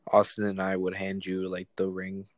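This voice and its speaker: A man's voice: deep voice, completely flat delivery, normal speed. A young man hosting a podcast, chatting loosely with a friend and swearing freely. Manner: loose, profane banter with friend. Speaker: podcast host. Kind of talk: casual chat.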